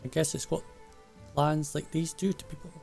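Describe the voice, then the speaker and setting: A man's voice: fairly high pitch, fairly even intonation, moderate pace, gravelly, music in the background. A man reading as a proud dwarf smith. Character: proud male dwarf smith, stern about family honour. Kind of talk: reading game dialogue aloud.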